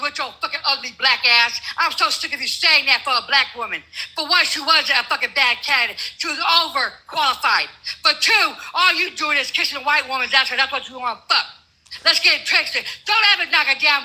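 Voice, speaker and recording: Older woman, livestream guest, combative, profane, blunt, high voice. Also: fairly quick, pushed and bright, rough recording. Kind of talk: heated livestream debate.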